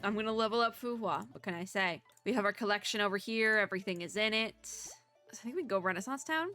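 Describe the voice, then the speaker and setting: A woman's voice: medium pitch, quick pace, sharp tone, soft background music. A young woman streamer chatting casually and laughing as she plays through a game and reads its lines aloud. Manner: chatty, giggly, self-deprecating asides. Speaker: VTuber streamer. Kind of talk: casual let's-play chat, reading game dialogue aloud.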